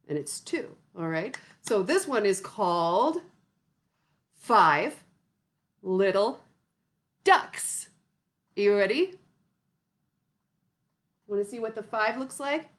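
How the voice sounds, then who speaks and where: A woman leading a children's music lesson, counting and encouraging young viewers in a gentle way. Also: fairly high pitch. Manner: gentle, encouraging, sings nursery songs. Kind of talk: singing and counting lesson for kids.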